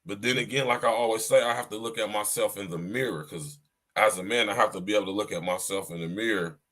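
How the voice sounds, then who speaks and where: A man's voice: fairly low pitch, fairly bright tone. A man hosting a livestreamed podcast, lecturing his listeners in a preachy, repetitive way and talking straight to them. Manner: preachy, repeats himself, addresses listeners directly. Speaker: podcast host. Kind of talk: livestream commentary.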